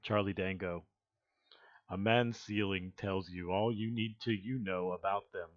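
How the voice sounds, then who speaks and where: A man's voice: low-pitched, fairly even intonation, unhurried, dry recording. Man, streamer, casual chat, jokey, basement, muffled lo-fi sound. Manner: jokey, tries out silly British voices. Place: basement room. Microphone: headphones on, desk mic.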